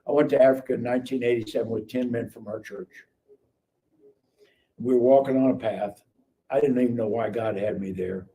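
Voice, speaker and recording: This middle-aged Kansas City-area man shares his life story as a live-stream guest, animated and informal, performing the dialogue of those in his testimony. His voice is medium-pitched and creaky, recorded from a distance with faint noise behind it.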